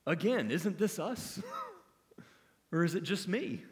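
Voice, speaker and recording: High-voiced male preacher in a reverberant hall. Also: big pitch swings, slow, darkish tone. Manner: earnest, emphatic teaching with rhetorical questions. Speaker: pastor. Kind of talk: expository sermon.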